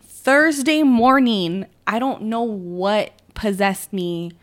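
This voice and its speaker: A woman's voice: medium pitch, slow pace. A young woman co-hosting a podcast, telling a story in casual chat with lots of slang and swearing, acting out what people said. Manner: animated storytelling, heavy swearing and slang, acts out quotes. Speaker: podcast co-host.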